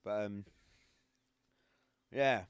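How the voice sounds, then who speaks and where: A man's voice: lowish voice, steady tone, very slow, smooth, no room sound. Middle-aged northern English man, live-stream host; rambling and chatty, very dry close sound. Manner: rambling, chatty, laughs often. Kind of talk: casual chat. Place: home room.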